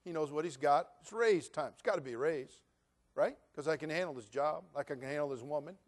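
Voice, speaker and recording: A pastor in his sixties delivers a sermon with a high voice. He tells joking personal stories and rises into loud, fervent preaching. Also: brisk. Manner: humorous storytelling, building to loud preaching.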